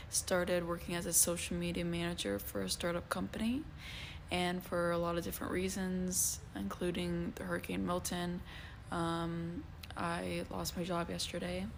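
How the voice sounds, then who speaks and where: Low, gravelly, hesitant woman. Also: little pitch movement, normal speed, a little hiss or hum. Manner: hesitant, many ums, subdued. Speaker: vlogger. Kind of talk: casual vlog.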